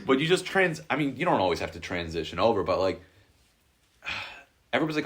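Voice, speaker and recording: A man's voice: on the low side, a little fast, long pauses. A young man hosting an unedited podcast, telling long rambling stories in casual chat full of filler words. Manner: rambling, animated storytelling with a lot of filler. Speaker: podcast host.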